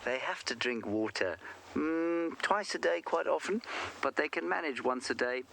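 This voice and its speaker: A man's voice: on the high side, moderate pace, creaky, fairly bright tone, a little hiss or hum. A man working as a safari guide, chatting playfully and answering viewers' questions on a live wildlife broadcast from outdoors in the bush. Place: outdoors on a game drive in the bush.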